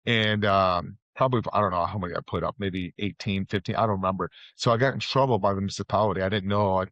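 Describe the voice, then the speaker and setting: A man's voice: low-pitched, steady tone, fast talker, a bit bright, no room sound. A middle-aged man, a real estate guest, telling loose, rambling stories full of fillers and restarts. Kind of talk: casual storytelling interview. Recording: dull, muffled audio.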